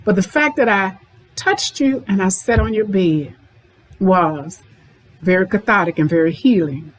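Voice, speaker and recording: A woman's voice: mid-range voice, a little slow, poor audio. Middle-aged woman therapist, folksy podcast monologue that drives points home by repeating them. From Memphis, Tennessee. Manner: folksy, repeats lines for emphasis.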